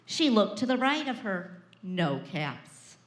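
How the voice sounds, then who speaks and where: A preschool teacher, a woman, reading a picture book aloud to children with expressive storytelling and dramatic pauses. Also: mid-range voice. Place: preschool classroom. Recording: echoey classroom.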